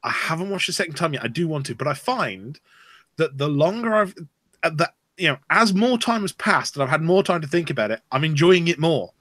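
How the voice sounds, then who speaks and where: A chatty man talks casually on a podcast, working out his thoughts as he goes. His voice sits fairly high and sounds close and dry. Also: expressive, brisk, a bit bright, no echo. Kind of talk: casual chat.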